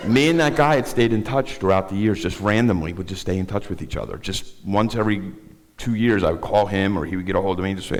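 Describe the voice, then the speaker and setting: A middle-aged man giving a personal testimony as a guest speaker in a synagogue, rambling and halting with many restarts. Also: deep voice. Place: synagogue sanctuary. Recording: long hall reverb.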